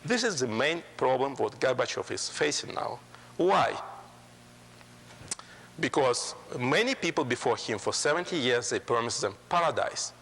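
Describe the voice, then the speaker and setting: A man addresses a college audience. His voice is gravelly and rough. His English is halting, full of ums and restarts. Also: medium pitch, lively intonation, a bit bright, big-room sound. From Soviet Union. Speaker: guest lecturer. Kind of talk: public lecture.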